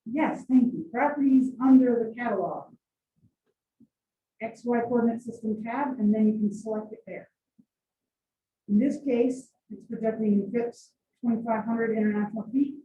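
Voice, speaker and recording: A woman lectures a class, her brisk, teasing manner drawing answers from the students. Her voice reaches the mic from across an echoey classroom, thin and phone-like. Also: a little high, steady tone, dark tone, distant mic, slight background noise. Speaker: college GIS instructor.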